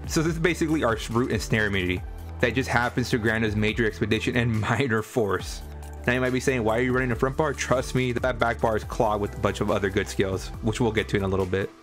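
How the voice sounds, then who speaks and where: A man's voice: on the low side, fast, a bit bright, faint music behind. A man giving a casual, enthusiastic voice-over for a game build guide, chatty and chuckling often. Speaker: gaming content creator.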